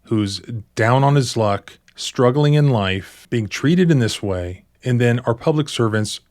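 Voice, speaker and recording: A man's voice: mid-range voice, expressive, measured pace, darkish tone, no echo, clean studio sound. A man giving indignant video commentary on footage, speaking straight to his viewers. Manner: indignant, addresses viewers directly. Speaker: civil rights lawyer commentator.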